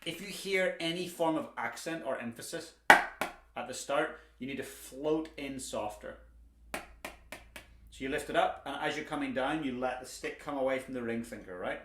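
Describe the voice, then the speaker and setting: A man's voice: mid-range voice, normal speed. Man teaching drums in an echoey room. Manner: chatty, encouraging, cracks dad jokes. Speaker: drumming teacher. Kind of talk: instructional lesson. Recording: echoey room with clear background noise.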